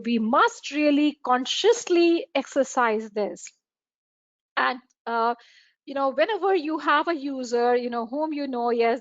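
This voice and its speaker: A woman's voice: high-pitched, dry recording, highs cut off. A woman giving an earnest webinar lecture to librarians, repeating phrases for emphasis and using many fillers. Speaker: webinar speaker on library services. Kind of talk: lecture over slides.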